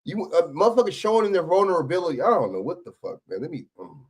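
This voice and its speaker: A man's voice: on the high side, sing-song, fast talker, husky. A man hosting a livestream, arguing back at clips in blunt, profane casual commentary. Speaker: livestream host reacting to clips.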